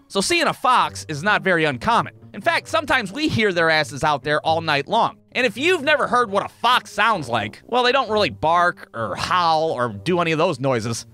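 A man narrating a comedic animated story in a profane, sarcastic way. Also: sits high. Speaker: cartoon storyteller.

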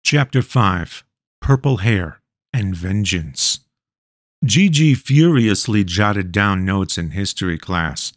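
A man's voice: fairly low pitch, no echo. A man narrating an audiobook in a wry storytelling manner on a close studio mic. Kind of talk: scripted narration.

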